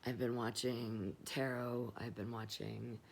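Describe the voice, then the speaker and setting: A woman's voice: extremely low pitch, flat delivery, unhurried, creaky, a little hiss or hum. A middle-aged woman talking candidly and rambling in a confessional vlog, swearing freely while stoned. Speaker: vlogger.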